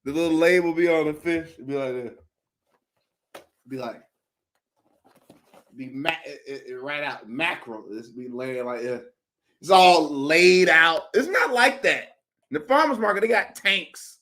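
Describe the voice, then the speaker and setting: A man telling funny stories in casual, slangy chat, laughing loudly between bits. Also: a little high, lively intonation, measured pace, pauses often. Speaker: comedic storyteller.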